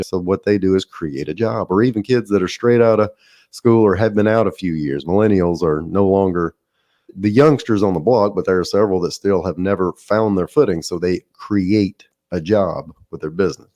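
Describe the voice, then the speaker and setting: A man's voice: deep voice, mellow, no echo. A man in his forties hosting a solo podcast, telling business stories in a conversational way with self-deprecating asides. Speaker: podcast host.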